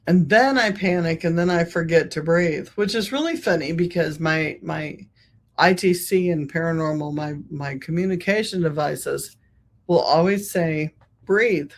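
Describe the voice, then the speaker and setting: Slow, deliberate spiritual podcast host. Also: medium pitch. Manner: slow, repetitive, emphatic phrasing. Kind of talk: reflective podcast monologue.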